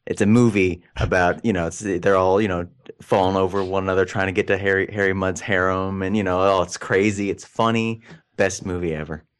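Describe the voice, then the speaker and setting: A man's voice: sits low, steady tone, fairly quick, smooth. A man co-hosting a podcast, chatting casually, joking and stammering over repeated words. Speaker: podcast co-host. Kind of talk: casual chat.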